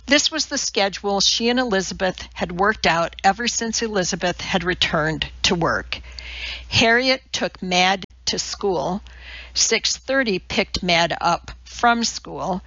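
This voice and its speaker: A woman narrating a novel in a measured, even reading. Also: medium pitch, dry recording, lo-fi sound. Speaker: audiobook narrator. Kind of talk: scripted narration.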